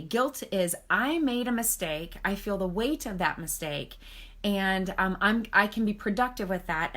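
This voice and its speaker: A woman's voice: fairly low pitch, fairly bright tone. Earnest woman counselor teaching on a live stream. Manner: earnest and encouraging, checks in with "okay?" and reads viewer comments aloud. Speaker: marriage counselor and author hosting a book club live stream.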